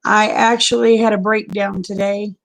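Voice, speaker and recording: A woman's voice: medium pitch, little pitch movement, normal speed, vocal fry, low-quality recording. A woman chatting casually on a live stream, folksy and drawling, greeting viewers by name.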